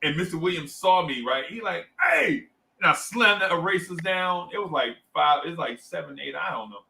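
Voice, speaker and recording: A man's voice: fairly high pitch, a little fast, gravelly, rough recording. A man hosting a livestream, animatedly telling a story and reading out chat comments. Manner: animated storyteller, acts out voices, reads chat aloud. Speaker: livestream host.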